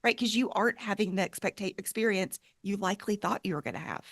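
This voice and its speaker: A woman hosting an interview, asking a question quickly and rephrasing herself as she goes. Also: medium pitch, fairly bright tone, no room sound, studio quality. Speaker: podcast host.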